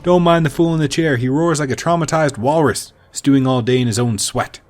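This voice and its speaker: A man's voice: mid-range voice, a little fast, natural voice. A man reading a peevish, scornful shopkeeper. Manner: curt, scornful. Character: peevish, sharp-tongued male shopkeeper.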